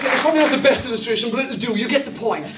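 A man's voice: very high-pitched, very fast, a loud crowd, heavy background noise. An Irish man preaching a sermon as pastor to his congregation, in a jovial, joking manner. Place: church hall. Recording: echoey hall, mic far off.

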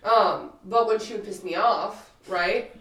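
A woman's voice: medium pitch, unhurried, fairly bright tone, far from the mic. Blunt woman in her twenties, co-host, swears freely, a bit off-mic in an echoey room. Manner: blunt, profane and emphatic. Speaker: podcast co-host. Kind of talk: casual chat. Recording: roomy sound, a bit off-mic.

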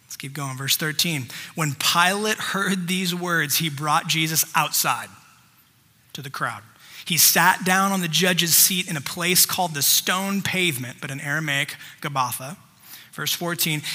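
A man's voice: on the high side, unhurried, pushed and bright, in a large hall. A man preaching a sermon, reading scripture aloud and stopping to stress points with emphatic asides. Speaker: pastor.

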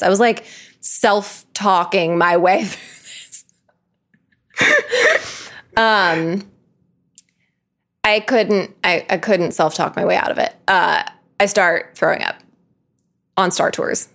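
A young woman co-hosting a podcast, telling a story in a casual, animated way, laughing often and saying "like" a lot. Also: fairly low pitch, takes it slowly, pauses often. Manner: animated, laughing, full of filler "like".

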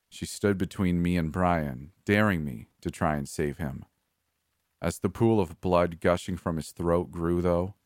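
A man reading a first-person story aloud in steady, measured narration. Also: low voice, no room sound, studio quality.

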